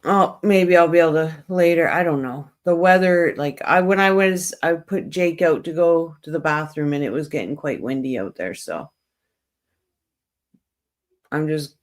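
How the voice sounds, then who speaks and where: A woman's voice: low voice, moderate pace. Chatty woman hosting a livestream. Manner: rambling and friendly, talks straight to viewers. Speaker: livestream host. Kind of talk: casual livestream chat.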